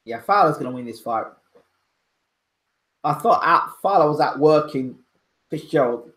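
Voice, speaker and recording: A man's voice: on the high side, lively intonation, unhurried, a bit bright. A man hosting casual live boxing commentary, opinionated and emphatic, repeating his points. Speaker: boxing pundit and channel host. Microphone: home microphone, audio only.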